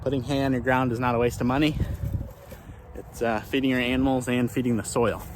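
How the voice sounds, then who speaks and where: A man's voice: medium pitch, flat delivery, a little fast, a little hiss or hum. A man who runs a small farm and hosts his own channel. He talks casually, thinking aloud with many restarts, while walking outdoors across his pasture. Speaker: small farmer and channel host.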